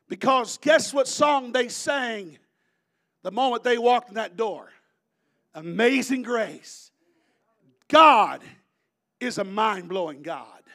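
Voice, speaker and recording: A man in his thirties from Florida preaches a sermon, telling his story in a lively, animated way. His voice sits high for a man. He breaks into shouting at the peaks. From Florida, USA. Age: 30s.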